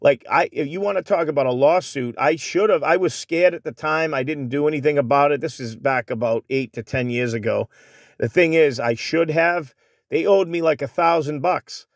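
A man's voice: fairly high pitch, normal speed, dry recording, studio quality. A man hosting a casual vlog, reading viewer comments and ranting with frequent restarts, calling his viewers folks. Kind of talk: casual rambling vlog talk. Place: Phoenix area.

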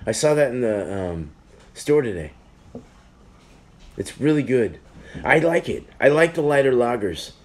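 A man's voice: mid-range voice, very animated, unhurried, long pauses. A man chatting casually on a live stream, reviewing beers in a rambling, easily sidetracked way.

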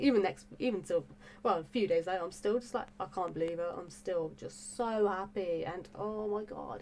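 A woman's voice: medium pitch, brisk, a little mellow, a little hiss or hum. A woman vlogging in a gushing, breathless way, full of fillers and repeated exclamations about her reaction channel. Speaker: music reaction YouTuber. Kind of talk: excited casual vlog talk.

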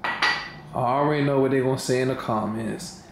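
A man's voice: medium pitch, steady tone, gravelly, a bit bright. D.C.-man chiming in, echoey room. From Washington, D.C. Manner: slangy, quick to chime in. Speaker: co-host asking questions. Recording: echoey room with faint noise.

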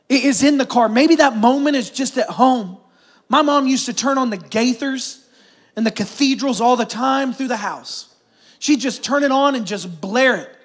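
A middle-aged man, a pastor preaching a sermon, animated at times and then dropping to soft, hushed stretches. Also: very high voice.

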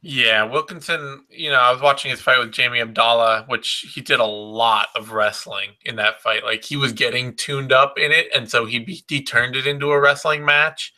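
A man in casual podcast talk, analyzing fights in an animated way with some swearing. His voice is very bright and sharp, and his pitch sits in a middle range. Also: moderate pace, hardly any pauses. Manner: animated, swearing, talks with quoted reactions.

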